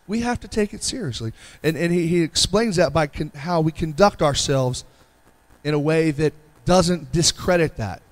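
A middle-aged pastor preaching a sermon in an earnest, repetitive way, pleading with the congregation and often asking "Amen?". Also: male voice, on the high side.

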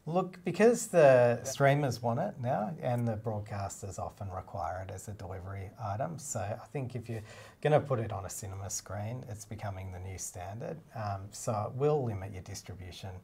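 A man, a documentary filmmaker and cinematographer, co-hosting a casual explanatory chat. He talks in a relaxed, practical way, with many fillers. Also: fairly low pitch, moderate pace, vocal fry, slightly rough. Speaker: co-host.

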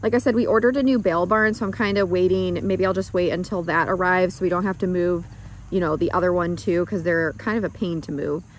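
A woman's voice: on the low side, fairly even intonation, brisk, a little hiss or hum. A woman chatting casually as she vlogs from a horse paddock outdoors, cooing affectionately at her horses between remarks. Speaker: horse farm owner and vlogger. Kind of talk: casual vlog narration.

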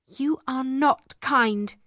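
A woman voicing a poor, brave young servant girl, speaking quietly and earnestly. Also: sits high, extremely slow, dry recording, clean studio sound, voice pushed up, full character voice.

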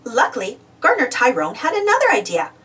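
A woman reading a children's storybook aloud with expressive, lively narration. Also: fairly high pitch, quick pace. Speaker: storybook reader. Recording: voice distant from the mic.

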